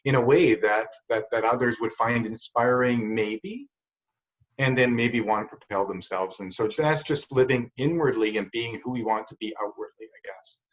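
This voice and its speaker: A man's voice: medium pitch, moderate pace. Earnest male co-host, dull lo-fi sound. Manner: earnest and reflective, with many repeated words. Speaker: podcast co-host. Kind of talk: casual chat and storytelling.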